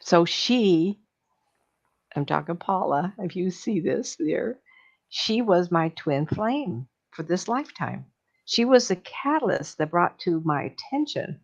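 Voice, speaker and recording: Older woman, casual and anecdotal delivery, gravelly voice, dull lo-fi sound. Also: on the low side, big pitch swings, moderate pace. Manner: rambling, anecdotal, laughs often. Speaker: psychic medium giving a talk. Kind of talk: casual talk.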